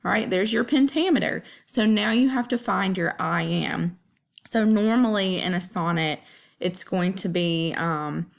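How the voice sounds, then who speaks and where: Slow, gravelly-voiced woman teaching. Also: fairly low pitch. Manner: slow, deliberate, counting out syllables. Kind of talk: classroom explanation.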